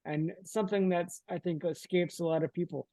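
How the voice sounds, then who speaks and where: A man hosting a podcast, asking questions in a measured, casual way with fillers. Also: high voice, steady tone, mellow, no room sound. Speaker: podcast host. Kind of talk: casual interview chat.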